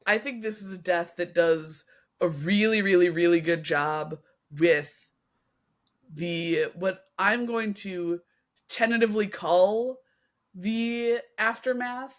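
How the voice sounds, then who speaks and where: A woman co-hosting a podcast in casual chat, stretching out her emphasis. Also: mid-range voice. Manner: unhurried, drawn-out emphasis. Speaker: podcast co-host.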